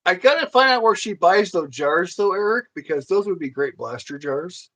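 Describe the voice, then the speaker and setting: A man's voice: high-pitched, expressive, normal speed, bright, forceful tone, low-quality recording. A man with a Southern US accent hosting a livestream, joking and teasing his co-host in casual chat.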